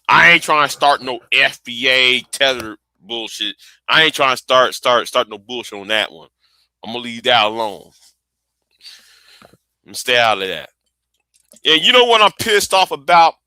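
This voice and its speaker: A man's voice: mid-range voice, lively intonation, normal speed, pauses often, bright, forceful tone, clear, resonant tone, no echo. A man chatting casually on his live stream, rambling and profane, often repeating words while he thinks.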